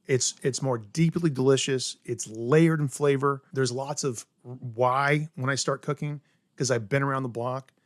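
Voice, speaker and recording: On an interview podcast, a middle-aged chef from South Carolina eagerly and methodically explains his cooking, punctuating points with "right?" in casual chat. His middle-pitched voice is steady and a little slow. The recording is dry and close, with no room sound.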